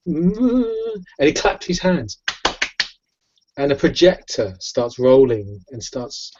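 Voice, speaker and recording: A man running a tabletop game as game master, telling the scene in a lively, stumbling storytelling way. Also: a little high, measured pace. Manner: lively storytelling with restarts and laughs. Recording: dull lo-fi recording.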